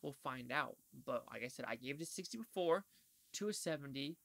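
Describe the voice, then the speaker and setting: A man's voice: medium pitch, animated, fairly quick, vocal fry, a bit bright, no echo. A man giving a casual, rambling movie review, slangy and swearing freely.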